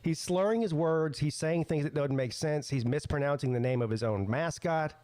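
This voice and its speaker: A man's voice: on the high side, moderate pace, darkish tone, dry recording. A man hosting a podcast, cracking blunt, mocking jokes while a speech clip plays. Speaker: podcast host. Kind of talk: sarcastic commentary over a played clip.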